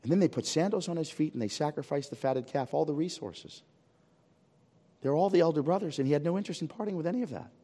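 A man preaching in church with a fairly high, carrying voice, dramatic and animated. He swings from near-shouts down to hushed lines and keeps asking the congregation questions. A long hall reverb trails every phrase. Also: quick pace. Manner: asks the congregation rhetorical questions. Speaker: pastor. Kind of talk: sermon.

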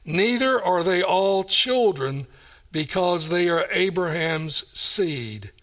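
Guy preaching slow, high voice, reads bible verses then repeats the key bits. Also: lively intonation, a bit bright. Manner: reads scripture aloud and explains it verse by verse; repeats and stresses key phrases. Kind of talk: sermon.

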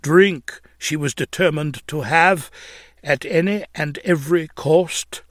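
A man's voice: fairly high pitch, slow pace, no echo, studio quality. A man narrating an old religious tract in a solemn, mournful, preaching manner, swelling at points of emphasis.

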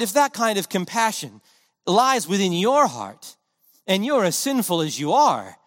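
A man's voice: high voice, fairly bright tone, long reverb tail. A man preaching a sermon in an earnest, impassioned way, driving his points home with emphatic repetition.

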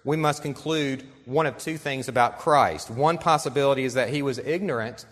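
A male pastor delivering an earnest sermon, reading quotations aloud and slowing down to stress key points. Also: medium pitch, fairly bright tone. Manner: earnest preaching, reads quotations aloud, slows for emphasis. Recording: long reverb in a large hall.

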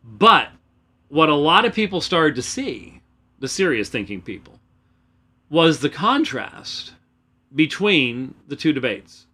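Man host, solo commentary, loud and emphatic, bright voice with lively pitch. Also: measured pace, husky. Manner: emphatic, loud, keeps restarting sentences. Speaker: host of a religious debate program. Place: small room, away from the usual studio. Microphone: microphone close by.

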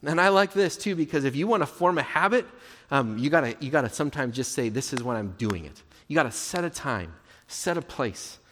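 Pastor, male, slightly high voice, easygoing and encouraging sermon delivery, long church reverb. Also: brisk, fairly bright tone. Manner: conversational, encouraging, acts out sample prayers.

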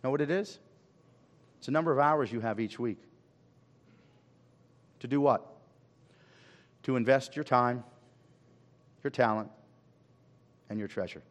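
A man's voice: medium pitch, unhurried, pauses often, in a large hall. A man preaching a sermon as pastor, asking the congregation questions and repeating phrases for emphasis. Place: church sanctuary.

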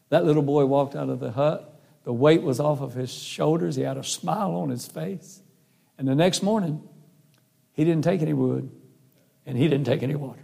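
A man's voice: a little high, normal speed, vocal fry, warm tone, breathy edge. A man preaching a sermon and telling stories in an earnest, folksy way. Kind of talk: sermon with storytelling. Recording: long hall reverb.

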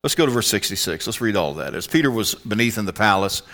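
Folksy Southern American pastor, lowish voice. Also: male voice, lively intonation, quick pace, fairly bright tone. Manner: folksy and conversational, quizzing the congregation. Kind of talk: sermon.

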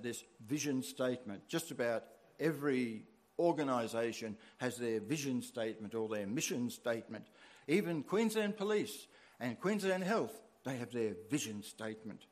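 A middle-aged man preaching a sermon as pastor, with rising emphasis on key words. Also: medium pitch.

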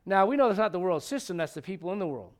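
A man's voice: high voice, expressive, racing. A male pastor preaching a conversational sermon to his congregation, emphatic and full of questions to the room. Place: church sanctuary.

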